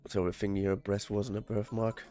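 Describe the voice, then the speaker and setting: A man's voice: fairly low pitch, little pitch movement, normal speed, warm tone, faint music behind. A man with a German accent reading game dialogue aloud on a stream, tripping over words and swearing when annoyed.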